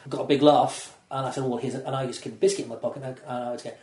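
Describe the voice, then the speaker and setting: A man's voice: medium pitch, steady tone, very fast, darkish tone. A man, a stand-up comedian, chatting casually on a podcast and telling rambling anecdotes, acting out the voices of the people in them. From England. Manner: rambling storyteller, acts out voices in quotes. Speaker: comedian guest. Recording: roomy echo.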